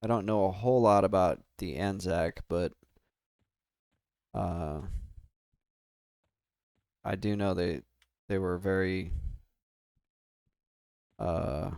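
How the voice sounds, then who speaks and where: With a deep, slightly mellow voice, an American man chats and rambles casually with viewers during a gaming livestream, laughing frequently. The sound is clean studio quality with no room sound.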